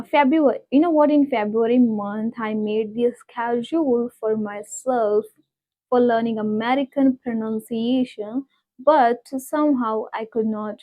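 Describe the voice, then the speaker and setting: Woman, coach, slightly high voice, repeats words slowly and nudges learners along. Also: phone-quality sound. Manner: drills words and tongue twisters, repeating each slowly; coaxing and instructive toward learners. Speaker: accent coach. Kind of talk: pronunciation lesson.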